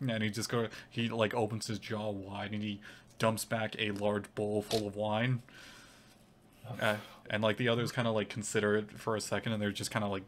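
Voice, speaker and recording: Brief: casual male game master, loose rambling narration, low voice. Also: little pitch movement, normal speed, a little hiss or hum. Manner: rambling, filler-heavy narration.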